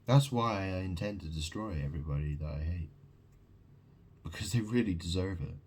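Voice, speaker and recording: A man's voice: low voice, normal speed, darkish tone, slight background noise. A man delivering a rambling, agitated monologue to camera, preaching and repeating questions at the listener. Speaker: video monologue host.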